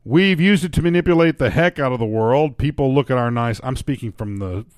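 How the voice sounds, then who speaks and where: A man's voice: medium pitch, a little fast, dry recording, studio quality, natural voice. A man voicing a stereotypical polite Canadian man, with a put-on Canadian accent, tagging his sentences with "eh" while reading comic news. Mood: mock folksy. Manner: tags sentences with "eh".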